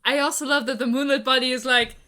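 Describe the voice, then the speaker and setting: Brief: bright, crisp-toned woman co-host, wry and blunt, swears casually. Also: high-pitched, steady tone, fast. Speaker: book club co-host. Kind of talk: casual book chat.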